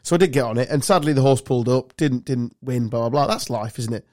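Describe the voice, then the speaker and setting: Male co-host, casual banter, laughs and swears through his anecdotes, middle pitch. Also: fast talker, darkish tone, no echo, clean studio sound. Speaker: podcast co-host.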